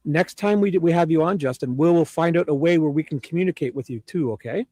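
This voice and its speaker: A man's voice: fairly high pitch, quick pace, warm tone, no echo. A man co-hosting a livestream in friendly casual chat, who often repeats words and laughs. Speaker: livestream co-host.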